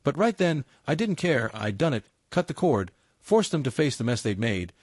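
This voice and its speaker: Man, scripted story narration, steady read, dry close sound. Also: medium pitch, normal speed, no room sound.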